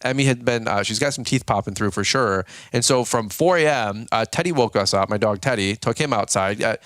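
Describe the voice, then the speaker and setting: Podcast host, male, tired but animated, clean resonant voice, recorded dry in a home room. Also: on the low side, fairly quick, dry recording. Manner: joking, animated storytelling with playful impressions. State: sleep-deprived. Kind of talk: casual podcast chat. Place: home nursery.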